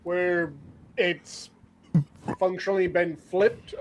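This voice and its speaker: A man's voice: sits high, steady tone, slow pace, a little hiss or hum. A man co-hosting a show, explaining things at length with a wry edge. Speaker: podcast co-host. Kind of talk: casual banter.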